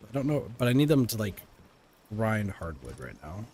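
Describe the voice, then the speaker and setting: Guy streaming a game, kinda low voice, rambling thru his plans, faint hiss behind. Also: moderate pace. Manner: relaxed, thinking aloud with fillers. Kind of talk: casual gameplay commentary.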